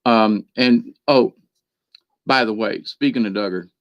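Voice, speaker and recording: Speaking a little slowly in a fairly low voice, the host of a spiritual channel wanders through a casual story at his computer at home. "You know" plugs his gaps, and he laughs softly throughout. The sound is dry and slightly dull lo-fi, with no room sound.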